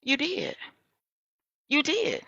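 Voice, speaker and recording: A woman's voice: high-pitched, huge pitch swings, drawn-out words, creaky, sharp tone, no room sound, muffled recording. A woman venting in heated casual livestream chat, profane and repeating herself as she talks.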